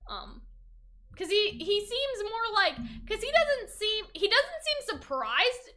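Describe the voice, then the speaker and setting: A woman hosting a casual review chat who talks in an animated way, laughs often and acts out characters' lines. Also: extremely high pitch, slow pace. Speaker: video host.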